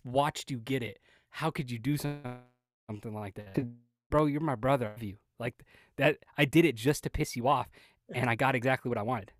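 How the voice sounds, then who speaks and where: A man co-hosting a podcast, telling a long, profane, animated story in casual chat and acting out the lines of the people in it. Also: medium pitch, no room sound, clean studio sound. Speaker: podcast co-host.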